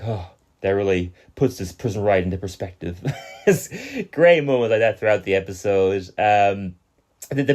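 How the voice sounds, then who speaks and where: Irish man, animated podcast co-host. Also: medium pitch. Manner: animated, laughs often, quotes scenes in lively voices. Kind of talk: casual podcast chat.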